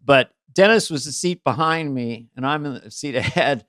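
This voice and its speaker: A man co-hosting a casual chat, telling stories with halting restarts. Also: medium pitch, no echo, studio quality. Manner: halting restarts, animated storytelling. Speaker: podcast co-host.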